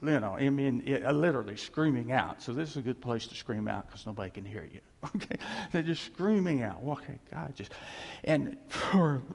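A man preaching a sermon as pastor, earnest and repeating his key phrases, swinging from loud to quiet. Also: medium pitch, lively intonation, moderate pace, vocal fry, breathy edge. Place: church sanctuary. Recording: church hall reverb.

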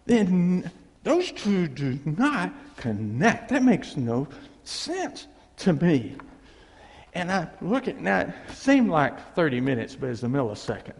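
A man telling a funny personal story to a live audience, animated and self-deprecating, dragging out his punchlines. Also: a little high, slow pace, vocal fry. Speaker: speaker addressing a live audience. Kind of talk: humorous personal storytelling talk. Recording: long reverb of a large hall.

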